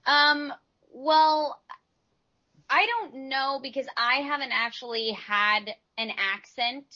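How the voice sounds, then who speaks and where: Bright-voiced woman, chatty voice actress. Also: on the high side, unhurried, highs cut off. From Texas. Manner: chatty, rambling explanations with restarts. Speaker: voice actress, guest. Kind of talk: casual interview answers.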